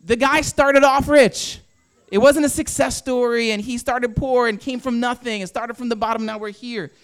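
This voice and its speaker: A man's voice: very high-pitched, fairly even intonation, moderate pace, clean tone, dry recording. A man preaching a conversational sermon, full of rhetorical questions and acted-out quotes. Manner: acts out quoted inner voices. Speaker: pastor.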